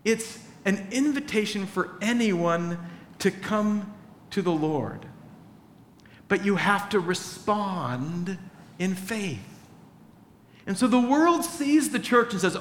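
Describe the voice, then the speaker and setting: A man preaching to a church, chatty and lively as he acts out little exchanges between people. His voice sits a bit high for a man. It rings through a large, reverberant hall with faint room noise. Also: slow pace, pauses often. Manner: conversational, acts out little dialogues in different voices. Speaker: pastor. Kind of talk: sermon. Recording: echoey hall, faint ambience.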